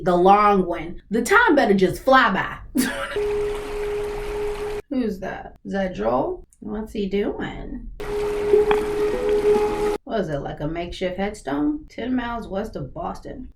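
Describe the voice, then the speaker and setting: A woman's voice: mid-range voice, slight background noise. A woman hosting a reaction channel, giving casual, slangy commentary with whispered asides.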